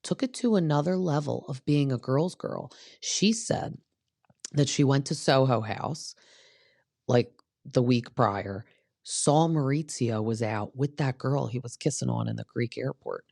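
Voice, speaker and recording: In a rumbling low, creaky, warm voice at a measured pace, a young podcast host chats casually while recapping reality TV. She shares strong opinions and performs the quotes, and the clean studio sound has no echo.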